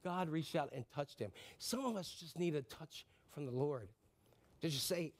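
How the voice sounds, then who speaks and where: A pastor delivers an animated sermon in a slightly high voice at an ordinary pace. He moves between loud outbursts and near-whispers, posing questions to the congregation and then answering them himself.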